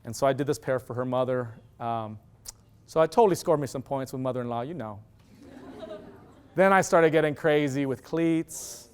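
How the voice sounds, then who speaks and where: Smooth-voiced man telling stories in a lecture. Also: medium pitch, moderate pace. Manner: animated, acts out quoted dialogue. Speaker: university lecturer. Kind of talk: storytelling lecture.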